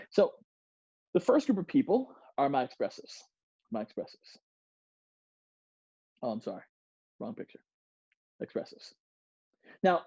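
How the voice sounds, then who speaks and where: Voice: medium pitch, warm tone, slightly rough, no echo, muffled recording. A presenter giving a diversity workshop to a group in a playful way, acting out examples and laughing often.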